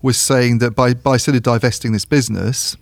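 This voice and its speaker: A man's voice: mid-range voice, fairly even intonation, brisk, gravelly, no echo. A man co-hosting a podcast in casual chat, hesitant and wry, often restarting his sentences. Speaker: podcast co-host.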